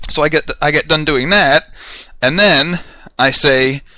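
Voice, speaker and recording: Heated, sharp-voiced man ranting. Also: on the high side, measured pace, no room sound. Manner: heated, profane, rhetorical questions. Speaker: podcast host. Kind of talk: ranting solo monologue.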